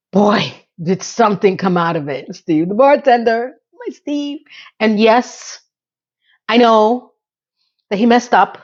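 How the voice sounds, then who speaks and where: A woman's voice: mid-range voice, muffled recording. Chatty middle-aged woman recapping TV. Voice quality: candid, chatty, blunt. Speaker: TV recap host. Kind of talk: casual TV recap commentary.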